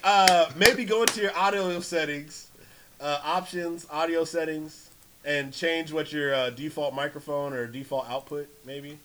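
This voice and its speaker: A man's voice: a little high, fairly even intonation, unhurried, pushed and bright, slight background noise. A man from San Francisco hosting a casual podcast chat, joking around with playful slang. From San Francisco, California. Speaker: host.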